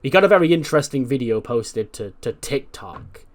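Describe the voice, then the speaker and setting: A man's voice: medium pitch, animated, lightly acted. A man doing a chatty female interviewer. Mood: hesitant. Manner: rambling, halting questions.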